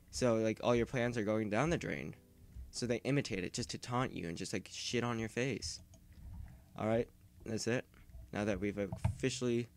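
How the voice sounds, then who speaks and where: A man giving casual, rambling gameplay commentary who yells and panics when startled. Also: mid-range voice. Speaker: gaming video host.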